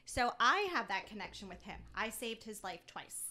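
A middle-aged woman chatting as a podcast guest, telling a story with lively acted-out dialogue. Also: medium pitch, moderate pace. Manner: animated storyteller who acts out quoted dialogue. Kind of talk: casual chat.

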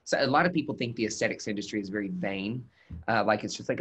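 Man, nurse injector, webcast guest, casual chat, animated storytelling. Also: lowish voice, quick pace, slightly rough. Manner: animated storyteller, acts out quotes.

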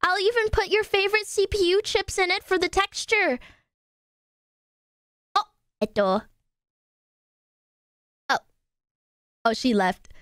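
A young woman streamer with a very high, bright voice, recorded close and dry. She talks loudly and playfully, throwing in dramatic outbursts. It is casual stream chat. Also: sing-song, slow, pauses often, no room sound.

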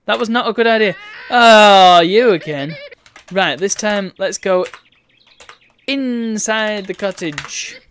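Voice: medium pitch, animated, slow, fairly bright tone, slight background noise. A game streamer giving chatty, wry let's-play commentary and reading on-screen text aloud.

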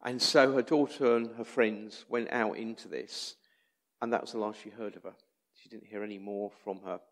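A man with an English accent, working as a street chaplain, recounts personal stories at a church talk in a low-ish, steady voice at moderate pace. His storytelling is conversational and anecdotal, with quoted voices acted out.

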